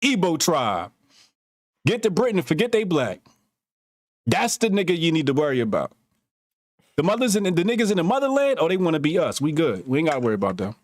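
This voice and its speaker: A man co-hosting a casual podcast, talking in a profane, animated storytelling way. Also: fairly high pitch, brisk, pauses often, no echo. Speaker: podcast co-host.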